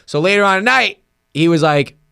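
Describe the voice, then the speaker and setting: A man's voice: high-pitched, a little fast, creaky, clear, resonant tone, dry recording, studio quality. A young man hosting a casual podcast, telling stories and acting out quotes. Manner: animated storyteller, acting out quotes. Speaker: podcast host. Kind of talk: casual chat.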